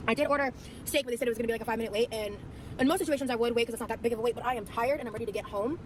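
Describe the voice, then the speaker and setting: A woman's voice: on the high side, fairly even intonation, very fast, rough recording. A tired young woman vlogging in casual, rambling chat with lots of fillers, played back from her video. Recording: vlog audio with clear background noise.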